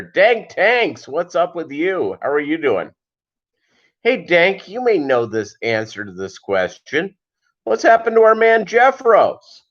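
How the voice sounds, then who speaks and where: A man's voice: mid-range voice, a bit bright, muffled recording. Rambling man hosting a livestream. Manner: greets viewers by name, rambling with many fillers. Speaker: fishkeeping livestream host. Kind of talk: casual livestream chat.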